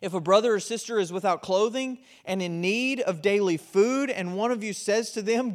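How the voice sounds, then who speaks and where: High-voiced man preaching with passion. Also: lively intonation, normal speed. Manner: impassioned preaching, swings between loud emphasis and quiet intensity. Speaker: pastor. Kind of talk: sermon.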